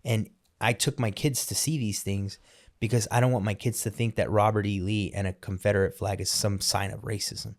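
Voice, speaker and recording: Emphatic low-voiced male podcast host. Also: fairly even intonation. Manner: emphatic, opinionated, quick restarts. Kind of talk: casual conversational interview.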